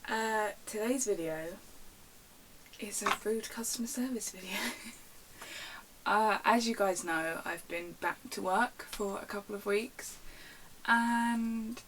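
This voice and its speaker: A young woman rants casually on her vlog, retelling customer service stories in a chatty, animated way from her bedroom at home. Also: mid-range voice, takes it slowly, far from the mic, background noise. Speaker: vlogger. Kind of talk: casual storytime rant.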